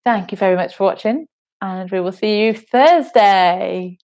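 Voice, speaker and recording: Gentle woman leading a music session. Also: medium pitch, unhurried. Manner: soothing, encouraging, with many ums. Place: home.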